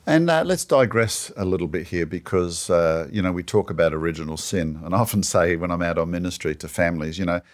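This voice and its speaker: A man's voice: deep voice, a little fast, hardly any pauses. A man in an easygoing two-person Bible discussion, explaining doctrine in an earnest, teaching manner with many "you know"s. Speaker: co-host of a Bible teaching show.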